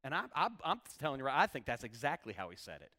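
A man's voice: mid-range voice, very animated, fast, pushed and bright. A man preaching a sermon as pastor, reading scripture aloud and stressing key words with repetition. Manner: reads scripture, then preaches with rising intensity and repetition.

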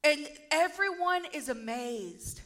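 A woman preaching a casual sermon, retelling a story and acting out the speakers' lines in a lively, conversational way. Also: high-pitched, takes it slowly.

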